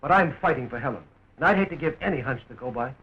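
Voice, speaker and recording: Wisecracking, fast-talking young guy. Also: medium pitch, expressive, breathy edge. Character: wisecracking young man fighting for his sweetheart. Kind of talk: early talkie film acting. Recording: dull scratchy 1920s film sound.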